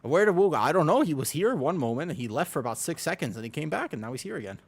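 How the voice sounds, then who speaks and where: A man's voice: on the high side, sing-song, very fast, slightly rough. A man streaming a game, chatting casually in a rambling, self-mocking way, with many restarts and laughs. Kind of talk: casual live-stream chat while gaming.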